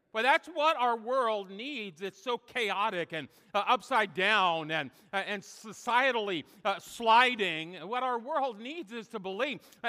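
A man's voice: sits high, sharp tone. Guy pastor preaching in a church, lotta uh's, long reverb in the hall. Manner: emphatic preaching with frequent "uh" fillers. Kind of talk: sermon. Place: church sanctuary.

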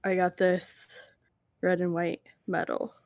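A woman's voice: lowish voice, level tone, slow pace, a little mellow, dry recording, clean studio sound. A woman co-hosting a casual podcast, rambling and hesitant with lots of fillers. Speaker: podcast co-host.

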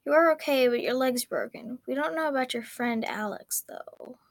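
A woman voicing a calm hospital doctor who gives bad news in a measured, sighing, hesitant way, read from a storybook. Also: high voice, vocal fry, dry recording. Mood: grave.

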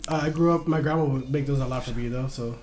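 A man's voice: mid-range voice, fairly even intonation, fast talker, a little mellow. A young man chatting casually among friends, laid-back and slangy, laughing often. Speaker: co-host friend.

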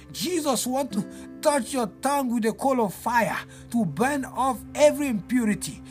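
A male pastor delivering a fervent deliverance sermon, repeating phrases in a sing-song preaching cadence. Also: very high voice.

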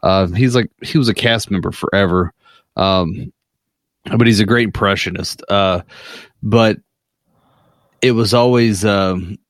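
Rambling low-voiced man. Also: unhurried, pauses often, dry recording, studio quality. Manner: rambling, lots of fillers and laughs. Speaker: podcast co-host. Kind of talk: casual chat.

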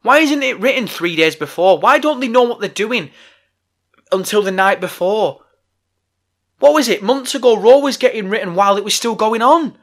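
A man's voice: high voice, animated, moderate pace, fairly bright tone. A man hosting a podcast, delivering a heated, profane, exasperated rant. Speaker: podcast host. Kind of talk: ranting podcast monologue.

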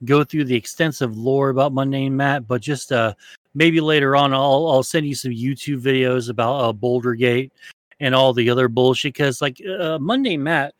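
A man's voice: mid-range voice, normal speed, no room sound. Rambling, swearing male podcast co-host. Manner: rambling, profane, many fillers and restarts. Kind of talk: casual chat.

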